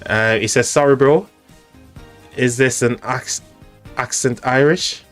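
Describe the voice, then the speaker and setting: A man with an English accent hosting a live stream, chatting casually in a halting way with frequent restarts. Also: mid-range voice, a bit bright, faint music behind.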